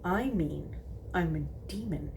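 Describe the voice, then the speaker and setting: A woman's voice: lowish voice, expressive, slow pace, noisy background. A woman voicing a sardonic male demon who is teasing and exasperated, speaking in dry murmurs.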